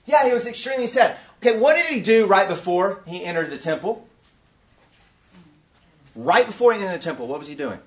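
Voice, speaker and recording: A man leading an interactive teaching session at a conference, quizzing his audience in an animated way. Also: high voice, brisk. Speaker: workshop teacher.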